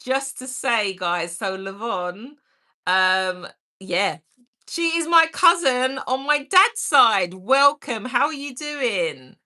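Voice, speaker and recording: A woman's voice: fairly high pitch, lively intonation, takes it slowly, pushed and bright. A woman hosting a casual livestream, chatting to viewers and reading their comments in a bubbly, chatty way. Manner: drops into a whisper for asides. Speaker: livestream host.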